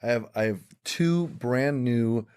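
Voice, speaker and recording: A man's voice: medium pitch, slow pace, a little mellow, clean tone. Playful male improv host. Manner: playful, upbeat, leading the games. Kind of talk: casual improv chat.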